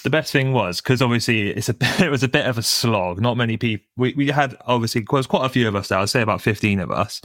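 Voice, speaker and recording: A young man, co-hosting a casual football podcast in a relaxed, halting way. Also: mid-range voice, no echo. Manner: relaxed, hesitant with fillers, laughs while telling stories. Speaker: podcast co-host.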